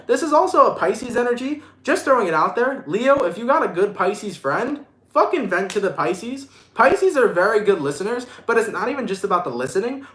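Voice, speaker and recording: A man's voice: high-pitched, a bit bright, reverberant. A man giving a casual live-streamed tarot reading, emphatic and profane, speaking with love to viewers. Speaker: tarot reader.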